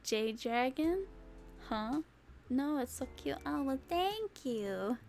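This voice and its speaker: High squeaky girl vtuber chatting slow and giggly w/ chat, faint music behind. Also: expressive, creaky, a little mellow. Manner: giggly, playful, often breaks into laughter and sing-song bits. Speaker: VTuber streamer. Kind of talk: casual live-stream chat reading comments.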